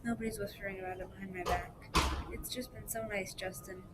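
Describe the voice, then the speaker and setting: A woman reading aloud, voicing a tearful teenage girl who speaks softly through her crying. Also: medium pitch, fairly quick, natural voice. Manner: soft, quiet, crying speech. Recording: steady background noise.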